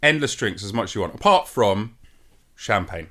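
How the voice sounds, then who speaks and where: A man's voice: on the low side, very animated, normal speed, fairly bright tone. A man, a podcast host, telling a long anecdote in casual chat, swearing freely and acting out what others said.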